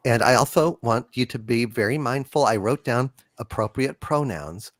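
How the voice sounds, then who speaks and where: A man voicing a soft-spoken, preachy male game master who lectures the players gently and earnestly. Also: mid-range voice, animated, normal speed, no room sound, pitched below the performer's own voice, close to an everyday voice. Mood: mock-earnest.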